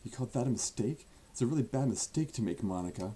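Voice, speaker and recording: A man voicing a blunt young male protagonist in a fan-made visual novel, speaking in his own low, dry voice. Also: lively intonation, quick pace, warm tone, a little hiss or hum, natural voice. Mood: accusing.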